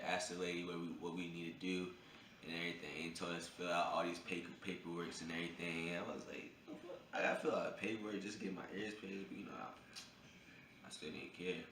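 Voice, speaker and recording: A young man casually telling a funny personal story, breaking into high yelps when he acts out his own reactions. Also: pushed and bright. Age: young adult. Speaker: vlogger. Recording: echoey room with faint ambient noise.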